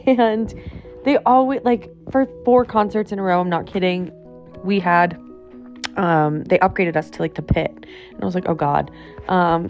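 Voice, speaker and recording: Brief: young woman, casual and giggly, heavy on "like", average pitch, dull lo-fi recording with faint music under it. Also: darkish tone. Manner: giggly, lots of "like" fillers. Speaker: friend sharing a memory. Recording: dull lo-fi audio.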